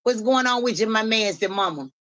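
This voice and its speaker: A woman's voice: on the high side, expressive, fairly quick, a bit bright. A woman hosting a live stream in casual talk, repeating rhythmic, profane hype chants to her viewers.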